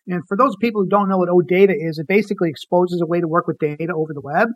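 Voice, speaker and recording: A man co-hosting a podcast, speaking in a relaxed, slightly hesitant way. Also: sits high, racing, no room sound, poor audio. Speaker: podcast co-host. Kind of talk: casual podcast chat.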